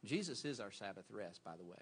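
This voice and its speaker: A man's voice: on the low side, big pitch swings, fast talker, slightly rough. A male pastor preaching a sermon, emphatic and repeating phrases for stress.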